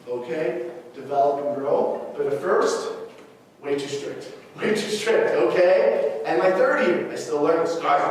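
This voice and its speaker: A young adult male teacher giving a personal talk to colleagues, telling stories with lively acted-out dialogue and frequent "okay?" check-ins. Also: fairly high pitch. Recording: echoey hall from far off, faint noise.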